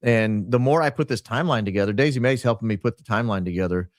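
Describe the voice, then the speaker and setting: A man's voice: fairly low pitch, quick pace, no room sound, studio quality. A man in his forties, a podcaster and former radio host, chatting animatedly as an interview guest, telling stories with frequent restarts. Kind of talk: casual interview talk.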